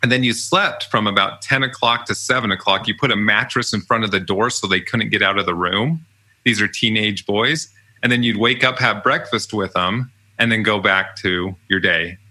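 A young man appears as a podcast guest, telling laugh-filled, chatty stories about working jobs during college. His voice is lowish, pushed and bright, delivered at a moderate pace in this casual storytelling interview.

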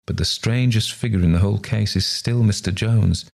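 A man voicing a wry gentleman friend who muses slowly with a hint of mystery. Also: on the low side, gravelly, slightly rough, pitched above the performer's own voice. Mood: musing. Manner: musing, slow and odd.

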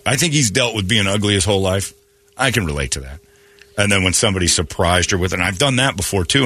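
A man hosting a morning radio show, telling stories in a jokey, animated way. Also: low voice, slightly rough. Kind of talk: casual radio banter.

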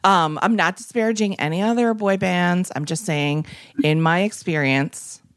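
A woman's voice: fairly low pitch, normal speed, no room sound, clean studio sound. A woman co-hosting a podcast, chatting with enthusiasm. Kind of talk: casual chat.

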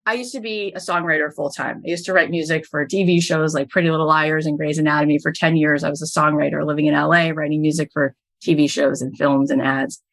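Woman, middle-aged, low voice, animated storytelling, podcast guest. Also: quick pace, creaky, hardly any pauses. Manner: animated anecdote-telling, builds to punchlines. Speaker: podcast host and business coach, guest here.

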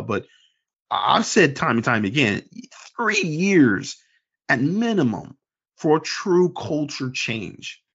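A man's voice: medium pitch, a bit bright, husky. A man co-hosting a casual sports podcast, rambling animatedly and mimicking fans as he talks. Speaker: podcast co-host and forum moderator. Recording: dull lo-fi sound.

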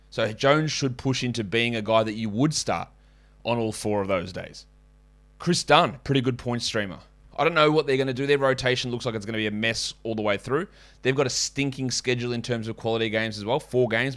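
A man talks casually through his podcast. He jumps into quick asides and corrects himself on the fly. His pitch sits mid-range for a man. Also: fairly bright tone. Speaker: fantasy basketball podcast host. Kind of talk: casual podcast talk with ad reads.

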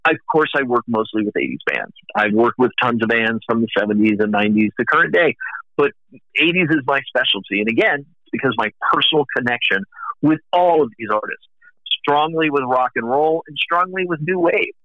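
A middle-aged man, a music industry guest, chats casually about the music business and tells long, rambling anecdotes. His medium-pitched voice is brisk with lively intonation, and the recording is dull, dry and lo-fi with no room sound.

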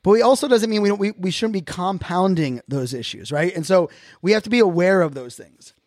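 Earnest high-voiced man, dry close sound. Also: expressive, brisk, a little mellow, no echo. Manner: earnest, openly reflective, talks in loose restarts. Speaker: podcast host. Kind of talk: casual solo podcast monologue.

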